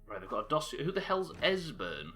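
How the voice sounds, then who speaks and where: A man's voice: a little high, sing-song, fairly quick, fairly bright tone, faint music behind. A British man live-streaming a game, chatting casually with his chat and reading aloud in a chatty, self-interrupting way. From United Kingdom.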